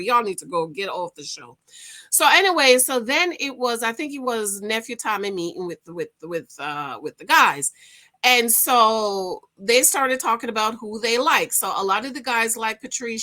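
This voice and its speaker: A woman casually recapping a reality dating show to her viewers, animated and gossipy, calling them "girl". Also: mid-range voice.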